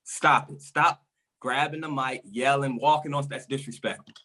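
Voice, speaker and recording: A man's voice: medium pitch, steady tone, moderate pace, pushed and bright. A man on a podcast, ranting with passion and repeating himself for emphasis, a little out of breath. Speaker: resident comic on podcast. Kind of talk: casual podcast chat.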